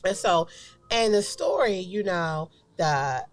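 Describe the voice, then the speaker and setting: Woman, low-ish voice, co-host doing a loose, filler-heavy faith segment. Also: sing-song, slow. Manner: chatty, many fillers like "you know" and "like". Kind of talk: casual devotional talk.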